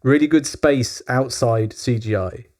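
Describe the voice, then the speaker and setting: A man co-hosting a casual review podcast, wry and measured, often laughing. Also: medium pitch, darkish tone. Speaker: podcast co-host.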